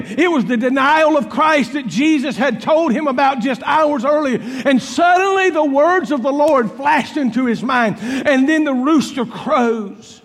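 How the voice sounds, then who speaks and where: A male preacher with a very high voice, delivering a sermon. He tells the story dramatically, voicing the characters and swinging between booming and hushed lines. His voice carries a long reverb, as from a big hall. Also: animated, normal speed. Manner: dramatic storytelling, acting out biblical dialogue with swings in volume. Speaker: pastor.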